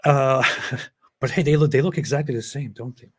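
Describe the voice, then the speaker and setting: A man's voice: mid-range voice, moderate pace, dry recording. Sardonic male commentator, dry close sound. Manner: sardonic, joking asides. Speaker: online commentator. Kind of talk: commentary with read-out document.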